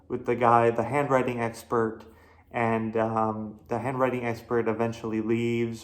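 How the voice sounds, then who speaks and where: A man's voice: medium pitch, a bit bright. A man hosting his own horror film review, talking casually with lots of fillers, restarts and swearing. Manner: rambling, profane, many fillers and restarts. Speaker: host.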